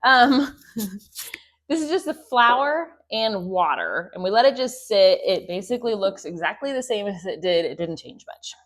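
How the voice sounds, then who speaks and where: Wearing a clip-on mic, the chatty homestead host gives an easygoing cooking demonstration at home, poking fun at herself and laughing as she goes. Her mid-range voice is expressive and moves at a normal speed.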